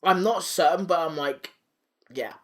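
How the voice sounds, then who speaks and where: Guy on a podcast retelling a cartoon, bit higher voice, doing goofy voices, swears a lot. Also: fairly quick, a bit bright. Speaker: podcast host. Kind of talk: casual recap chat.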